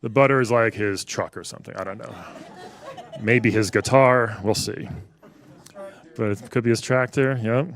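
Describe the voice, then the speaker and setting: A man's voice: lowish voice, steady tone, normal speed, pauses often. A man in his forties from New York doing a stand-up set, wry and conversational, riffing with the crowd. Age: 40s. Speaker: stand-up comedian. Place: comedy club stage with a live audience.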